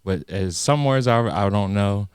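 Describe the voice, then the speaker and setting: A man's voice: lowish voice, lively intonation, unhurried, smooth, no room sound, studio quality. A man co-hosting a casual podcast chat, teasing his guests and often restarting his sentences. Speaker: podcast co-host.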